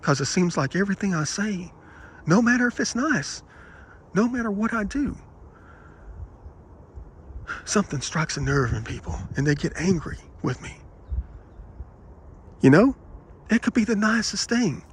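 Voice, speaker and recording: A man's voice: sits high, moderate pace, pauses often, husky. Man telling aggrieved rambling anecdotes. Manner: aggrieved, animated retelling with quoted dialogue. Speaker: vlogger.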